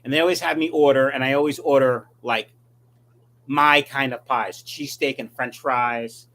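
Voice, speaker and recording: Chatting casually on a live stream, a middle-aged fish-breeding YouTuber reads comments from viewers and rambles as he responds. He keeps a steady tone at medium pitch and normal speed, and his voice is fairly bright.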